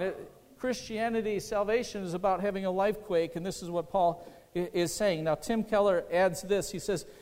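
A pastor with a high, slightly mellow voice preaches to his congregation at normal speed with fairly even intonation. He keeps it conversational and often puts questions to the room. The church sanctuary gives the recording a long hall reverb.

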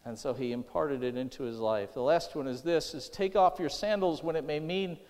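Male preacher, slightly high voice, storytelling sermon, reverberant hall. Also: normal speed. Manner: storytelling, repeats himself, rises and falls in loudness.

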